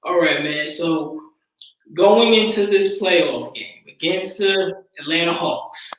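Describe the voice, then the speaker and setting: A man from Yonkers hosting a casual sports chat on a live stream, relaxed and repeating his phrases with lots of fillers. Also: high voice, slow, distant mic. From Yonkers, New York. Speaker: stream host. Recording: echoey room, away from the mic.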